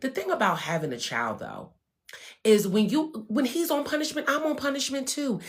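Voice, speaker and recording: A woman giving a candid motivational talk as host of her own show, blunt and profane, swinging between hushed calm and loud emphatic bursts. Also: high voice, normal speed. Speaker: spiritual wellness host.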